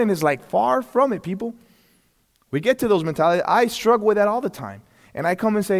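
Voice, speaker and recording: High-voiced man teaching in a reverberant hall. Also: expressive, moderate pace. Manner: conversational, asks the class rhetorical questions; earnest, chuckles between points. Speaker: church evangelism teacher. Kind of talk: casual teaching to a class.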